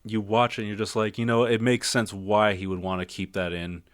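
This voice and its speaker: A man with a lowish voice gives a casual spoken film review, rambling and second-guessing himself with plenty of fillers. His delivery is flat and brisk, recorded with studio quality and no echo.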